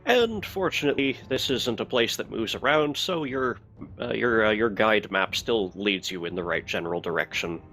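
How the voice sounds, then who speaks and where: Lively low-voiced male game master. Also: normal speed, faint music behind. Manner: relaxed, easygoing narration with fillers. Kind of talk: narrating a tabletop game. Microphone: headset or desk mic on voice chat.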